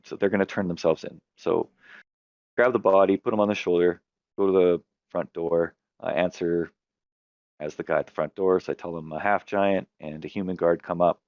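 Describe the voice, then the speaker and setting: A man's voice: low-pitched, normal speed, a little mellow, no room sound, highs cut off. A man hosting a podcast, chatting casually as a game master who tells a long story and often stops to correct himself. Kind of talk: casual chat about tabletop games.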